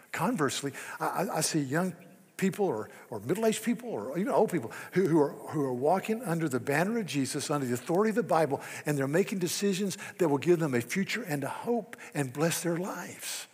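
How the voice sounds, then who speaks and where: An older man preaching a devotional sermon, moving from quiet reflection to fervent pleading. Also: on the high side, animated, brisk, breathy edge, in a large hall.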